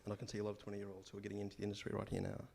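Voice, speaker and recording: Fast, gravelly interviewer. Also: male voice, on the low side, monotone, darkish tone, a little hiss or hum. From Australia. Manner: jokey, quick questions. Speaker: interviewer host. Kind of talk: casual stage interview.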